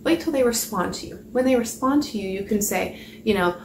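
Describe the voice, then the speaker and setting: A woman's voice: mid-range voice, animated, brisk, background noise. Rambling woman coaching in an echoey room. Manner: rambling, chatty, many fillers and restarts. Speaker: sales trainer. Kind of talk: casual spoken training talk.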